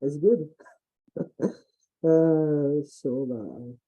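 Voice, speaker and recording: A man with a French accent giving an expert presentation in English, halting with many fillers and restarts. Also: a little high, muffled recording. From France. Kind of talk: online presentation and Q&A.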